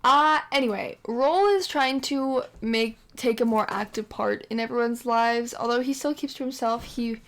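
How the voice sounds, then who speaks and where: A woman's voice: a little high, moderate pace, few pauses, fairly bright tone. A woman giving casual, rambling commentary over her life-sim gameplay, with frequent fillers and chatty asides.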